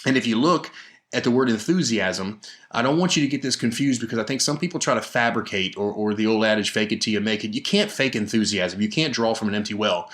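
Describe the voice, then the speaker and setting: A man hosting a sales coaching podcast, talking in an emphatic, energetic motivational style and repeating key words for stress into a podcast microphone. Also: lowish voice, fast talker. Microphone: studio podcast microphone.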